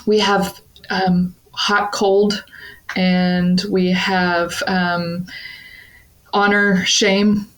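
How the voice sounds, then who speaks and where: A woman from the Southern United States, a guest on a podcast, explaining her ideas in an earnest, conversational way with filler pauses. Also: fairly low pitch, flat delivery, low-quality recording. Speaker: guest speaker on church partnerships. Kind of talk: casual conversational interview.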